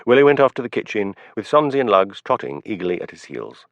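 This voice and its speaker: Low-voiced male audiobook narrator. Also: very animated, quick pace, fairly bright tone, dry recording. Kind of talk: scripted narration. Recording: dull lo-fi, dry.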